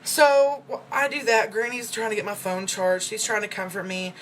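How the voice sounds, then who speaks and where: Upset and emotional, a young woman rambles through a story in her casual vlog check-in, leaning on lots of fillers. Her voice is mid-range and steady at a normal speed, with slight background noise.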